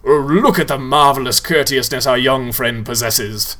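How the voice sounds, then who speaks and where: A tall skeletal ghoul gentleman who speaks with mocking grandeur, as a reader puts him on for a storybook. His delivery booms, slow and theatrical, savoring every title. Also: lightly acted. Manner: grand, mock-courteous, booming. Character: tall pompous male ghoul, gleeful and mocking.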